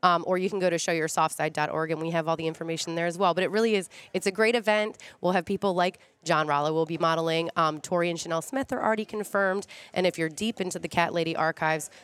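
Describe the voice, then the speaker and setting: A woman guest on a radio talk show in a restaurant, promoting a charity event in a brisk, upbeat way. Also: fairly low pitch, clear, resonant tone. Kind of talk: casual interview chat.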